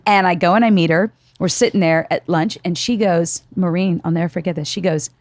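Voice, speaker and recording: A woman in her forties, a guest on a podcast, telling stories in casual chat with an animated, profane delivery. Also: fairly low pitch, a little fast, hardly any pauses, no room sound.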